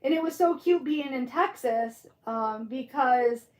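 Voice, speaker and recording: Chatty high-voiced woman from Michigan. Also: measured pace, a little mellow, reverberant. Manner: chatty, answers viewer comments, muses aloud. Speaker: livestream crafter reading chat. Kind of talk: casual live-stream chat.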